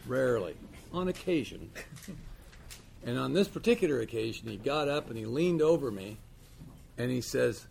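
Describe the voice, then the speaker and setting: A man's voice: medium pitch, expressive, normal speed, vocal fry, pauses often, darkish tone, slightly rough. A man giving a candid, wry personal share at a recovery meeting, telling his story with dry humor.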